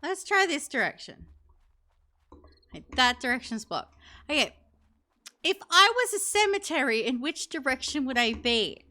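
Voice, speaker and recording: Woman streamer, bright and fairly high, rambling casual commentary while gaming. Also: very animated, normal speed, pauses often. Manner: chatty, thinks aloud, many fillers.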